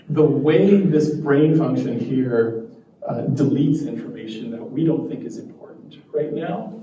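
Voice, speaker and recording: A man giving an animated live talk to a group, laughing often and acting out quotes. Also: mid-range voice. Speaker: meetup speaker. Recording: echoey room from far off, faint noise.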